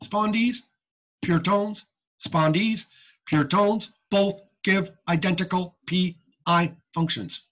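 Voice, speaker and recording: A man giving a recorded audiology lecture over slides, teaching deliberately and checking in with "okay?" often. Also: high voice, fairly even intonation, fairly bright tone, lo-fi sound.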